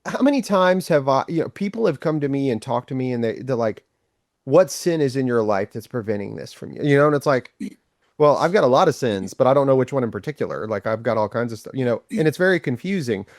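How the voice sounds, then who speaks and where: A man co-hosting a casual Bible discussion podcast, chatty and animated, often slipping into mock voices. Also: mid-range voice, quick pace, dry recording, studio quality. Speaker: podcast co-host.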